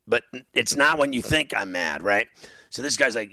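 Gravelly, animated radio show host man. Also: on the low side, moderate pace, dry recording. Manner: rambling, animated storytelling with laughs. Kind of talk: casual sports talk banter. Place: radio studio.

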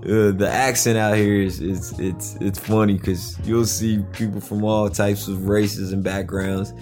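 A football player telling stories in a relaxed, amused way during a casual interview. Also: male voice, on the low side, measured pace, soft background music. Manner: easygoing, storytelling, amused.

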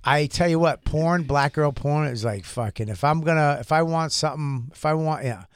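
A man's voice: a little high, normal speed, smooth, no echo, clean studio sound. A man co-hosting a podcast, telling crude stories in casual chat and acting out the other people's voices. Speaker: podcast co-host.

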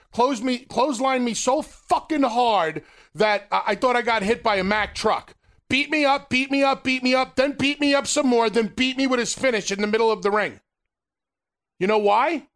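A middle-aged man, a podcast co-host and retired wrestler, telling a story in an animated, emphatic, profane way. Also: extremely high pitch, normal speed. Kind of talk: casual storytelling chat.

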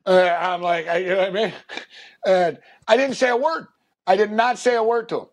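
A man's voice: high-pitched, a little fast. A man on a talk show telling a long anecdote in a casual, rambling way, full of fillers and restarts. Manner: rambling, filler-heavy, animated impressions in quotes. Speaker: radio show host. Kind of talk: casual storytelling chat.

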